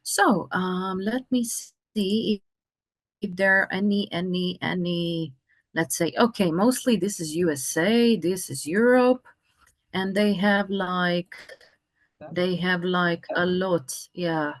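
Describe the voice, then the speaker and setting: A woman teaching an English conversation lesson, speaking slowly and patiently with many fillers. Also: fairly low pitch.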